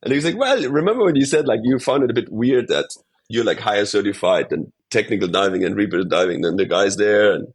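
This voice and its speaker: A man from Austria, a native German speaker, telling stories in a casual, animated podcast interview and swearing freely. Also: on the low side, quick pace, breathy edge. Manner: animated storyteller, swears casually, says dude a lot. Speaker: podcast guest.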